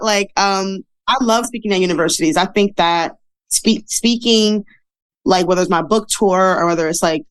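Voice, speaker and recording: A woman guest on a podcast, telling stories casually and acting out the voices of people she quotes. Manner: animated, acts out quoted voices with big pitch jumps. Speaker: podcast guest, model and speaker. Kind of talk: casual interview storytelling.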